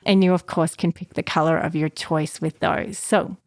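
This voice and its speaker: A woman talks quickly and with real passion as she hosts her own podcast as an anxiety therapist. Her voice sits a little low, and the sound is dry and close with no room around it. Her delivery is casual and encouraging throughout. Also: fairly even intonation, darkish tone, no echo. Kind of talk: casual solo podcast talk.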